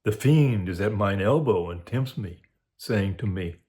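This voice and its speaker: A man's voice: fairly low pitch, lively intonation, measured pace, mellow. A man reading aloud as a young male comic servant, torn between leaving his master and staying. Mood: torn, dithering. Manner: dithering, argues both sides. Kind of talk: dramatic reading of a soliloquy.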